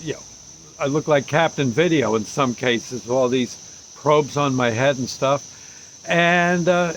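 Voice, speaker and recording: A man in his seventies rambles through a personal story in a folksy, casual way, pausing often on fillers. His voice sits slightly higher than usual for a man. Crickets and insects hum faintly behind him. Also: rough recording. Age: 70s. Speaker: vlogger.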